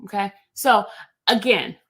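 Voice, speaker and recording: A woman's voice: mid-range voice, a little slow, fairly bright tone, breathy edge. A woman hosting her own channel, chatting casually with viewers, rambling and often repeating her thanks. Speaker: channel host. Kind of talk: casual livestream chat with viewers.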